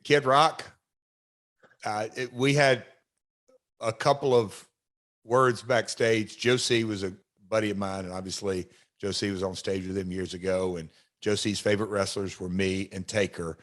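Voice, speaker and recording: A middle-aged man, a wrestler hosting a podcast, telling a story in a reflective, halting way. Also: on the low side, steady tone, fairly bright tone. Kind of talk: casual podcast chat.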